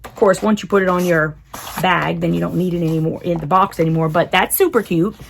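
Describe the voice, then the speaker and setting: Giggly woman with a gravelly edge. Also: on the low side, steady tone, brisk, slight background noise. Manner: chatty, giggly, talks to her cat. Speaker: unboxing vlogger. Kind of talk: casual unboxing chat.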